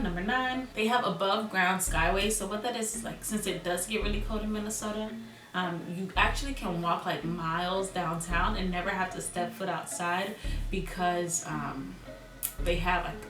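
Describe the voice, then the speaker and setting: Young female vlogger from Miami, jokey, repeats words for emphasis; slightly distant mic with a roomy echo. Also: on the low side. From Miami, United States. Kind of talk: casual vlog talk to camera. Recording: roomy echo, a bit off mic, music behind.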